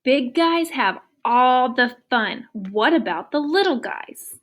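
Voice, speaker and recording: Indignant storybook elephant, slow and emphatic, higher voice, as a teacher reads it. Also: female voice, expressive, a bit bright, heavily acted. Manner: slow, emphatic read-aloud.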